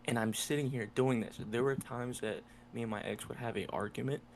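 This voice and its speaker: A man's voice: medium pitch, steady tone, a little fast, slight background noise. A young man on a podcast, chiming in and relating his own story in bursts. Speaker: podcast co-host. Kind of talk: casual candid chat.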